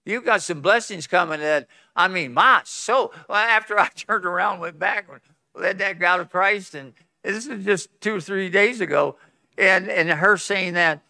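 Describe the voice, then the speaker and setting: A man preaching a revival sermon at a conference, swinging from loud pleading to hushed tones, with folksy chuckles between phrases. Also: sits high, normal speed, dry recording, clean studio sound. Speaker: pastor. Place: conference hall.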